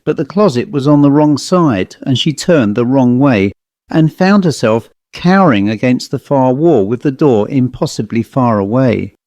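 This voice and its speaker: A man narrating a horror story in a measured, dramatic manner. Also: mid-range voice, mellow, dry recording.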